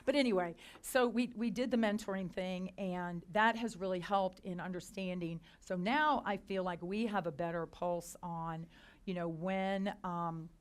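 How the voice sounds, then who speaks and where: A middle-aged woman, a company founder and CEO, telling anecdotes to a business audience, chatty with quick restarts and quoted dialogue. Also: on the low side, fairly even intonation. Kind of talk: storytelling talk to a business audience. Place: lecture hall.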